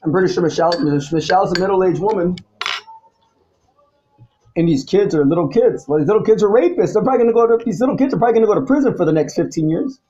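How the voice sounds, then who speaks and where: A man talking alone to the camera, swinging between low mutters and loud, angry, profane outbursts and repeating himself. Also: fast talker, highs cut off. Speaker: vlogger. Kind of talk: rambling solo monologue to camera.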